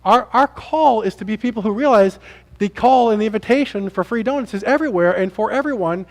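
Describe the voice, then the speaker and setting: Animated high-voiced American pastor preaching. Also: male voice, a little fast. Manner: animated, acts out characters, jokes with congregation. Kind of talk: lively sermon. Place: church sanctuary.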